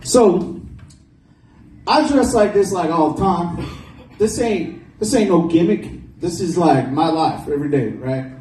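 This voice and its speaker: A man's voice: high voice, expressive, unhurried, darkish tone, roomy sound, far from the mic, a little hiss or hum, low-quality recording. A man doing a crude, rambling stand-up set at a small bar open mic. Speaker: stand-up comedian. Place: small bar comedy stage.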